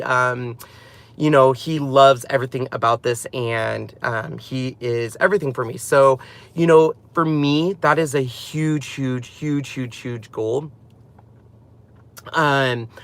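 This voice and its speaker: Man, craft channel host, casual live chat, rambling, chatty, slightly high voice. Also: fairly bright tone. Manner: rambling, chatty, laughs often.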